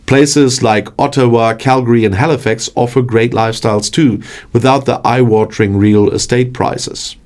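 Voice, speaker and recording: A man's voice: medium pitch, steady tone, normal speed, a little mellow. Wry male channel host narrating. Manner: wry, joking delivery. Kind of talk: scripted narration.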